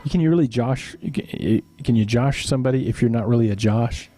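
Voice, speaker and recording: A middle-aged man hosts a live stream, chatting casually with viewers and rambling through family stories with chuckles and teasing asides. His medium-pitched voice moves fairly quickly. A loud crowd makes the clip very noisy.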